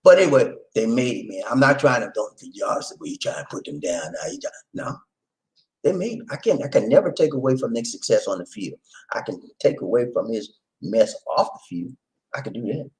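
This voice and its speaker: A man's voice: mid-range voice, brisk. A man from Charleston, South Carolina with a Gullah Geechee accent, hosting a casual live stream and reading viewer comments aloud. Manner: animated, laughing, reads chat aloud. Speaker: channel host.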